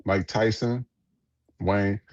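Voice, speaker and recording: A man's voice: fairly low pitch, fairly even intonation, takes it slowly, lo-fi sound. Blunt, profane male podcast host. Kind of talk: casual news commentary.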